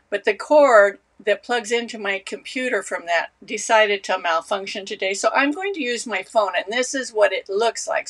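A woman hosting a knitting live stream, chatting casually and greeting viewers by name. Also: medium pitch. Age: older. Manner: warm, chatty, reads out viewer names.

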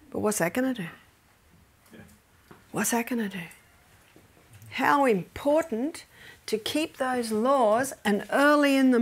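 A middle-aged woman gives a faith-based health lecture, telling stories with animation and often dropping to near-whispers. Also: fairly high pitch.

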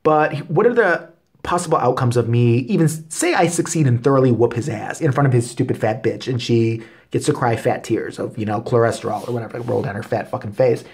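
A man with a husky, middle-pitched voice rants straight to his viewers, swearing all the way through. He tells his complaints as a heated story and keeps building up steam as he goes. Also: a little fast, a little mellow. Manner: angry, expletive-heavy storytelling. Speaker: vlogger. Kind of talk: profane comedic rant.

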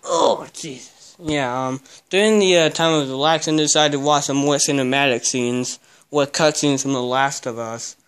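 Young guy cussing and complaining while he cleans his bedroom, clear smooth voice, casual camera vlog. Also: mid-range voice, fairly even intonation, moderate pace, fairly bright tone. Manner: grumbling, swears a lot. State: out of breath. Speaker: vlogger. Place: cluttered bedroom, indoors.

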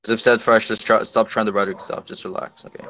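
A man's voice: on the low side, flat delivery, quick pace, bright, forceful tone, a little hiss or hum. Brash mocking man on a phone mic. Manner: brash, mocking, talks over opponent. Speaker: debater. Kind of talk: heated online voice-chat debate. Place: outdoors. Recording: dry, dull lo-fi phone mic.

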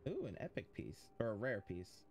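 A man's voice: on the low side, wildly swooping pitch, moderate pace, soft background music. A man casually commenting on a video game as he plays, joking and swearing, talking to his chat and to characters on screen. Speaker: streamer playing a video game.

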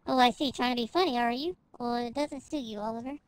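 A woman's voice: fairly high pitch, fast talker, clear, resonant tone, dry recording, lightly acted, poor audio. A woman reading game dialogue aloud as a cocky young male thief companion, snappy and defensive. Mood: mocking.

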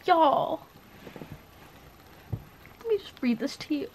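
A young woman chatting casually in a reading vlog, gushing and excitable, with lots of "like" in her talk. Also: sits high, slow pace. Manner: gushing, excitable, says "like" a lot. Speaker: book vlogger.

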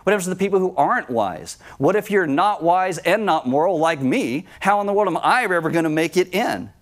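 A man pastor delivering an emphatic sermon in a church, with a somewhat high voice for a man. He speaks with conviction and drives his points home. He often acts out the people he quotes, jumping up in pitch. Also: expressive, brisk.

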